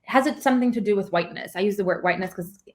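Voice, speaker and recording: Thoughtful woman academic guest. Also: medium pitch. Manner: thoughtful, measured, many "um"s. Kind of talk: conversational interview.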